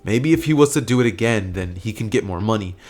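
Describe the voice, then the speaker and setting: A man's voice: lowish voice, expressive, quick pace, a little mellow. A man casually narrating a fan story, rambling with lots of fillers and restarts.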